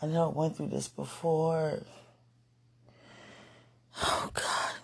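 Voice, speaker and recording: A man recording an emotional late-night vlog, overwhelmed and near tears, pleading and sighing in breathy whispers. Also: fairly high pitch, flat delivery, slow. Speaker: vlogger.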